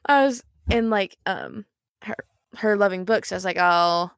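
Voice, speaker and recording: A woman's voice: medium pitch, expressive, moderate pace, vocal fry, no echo, clean studio sound. A woman chatting casually on a podcast panel, giggly and blunt, swearing freely. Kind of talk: casual chat.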